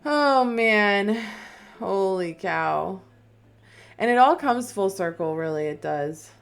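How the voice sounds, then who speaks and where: A woman's voice: medium pitch, expressive, slow pace, gravelly, faint music behind. A young woman streaming a horror game, talking casually into a desk microphone, nervous and often dropping to frightened whispers. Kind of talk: casual gaming live stream chat.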